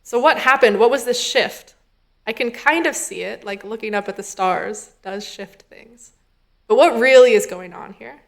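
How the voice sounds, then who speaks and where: A woman's voice: a little high, moderate pace, creaky. A woman, a rabbinic intern, giving a sermon in a casual, thinking-aloud way, acting out the dialogue she quotes. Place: synagogue sanctuary.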